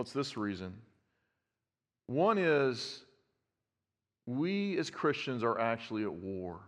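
A man, preaching a conversational sermon and putting questions to his congregation. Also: medium pitch. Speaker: pastor. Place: church sanctuary. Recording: long reverb of a church hall.

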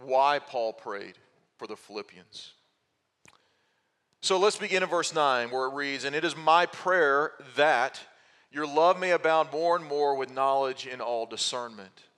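A man's voice: mid-range voice, a little slow, fairly bright tone, smooth, in a large hall. A man preaching an expository sermon, teaching patiently with rhetorical questions and frequent restarts. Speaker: pastor.

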